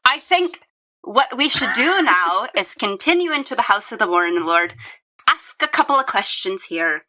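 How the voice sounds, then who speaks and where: A woman's voice: fairly high pitch, animated, moderate pace, pushed and bright, poor audio. A woman playing a tabletop game, talking in a direct, somewhat cranky way. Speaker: player. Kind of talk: tabletop role-play chat.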